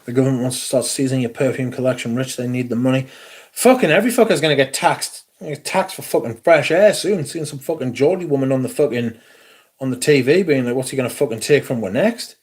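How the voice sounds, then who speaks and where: A man's voice: medium pitch, fairly quick, darkish tone, husky. A man hosting a livestream, chatting casually in a sweary, rambling way. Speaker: fragrance livestream host.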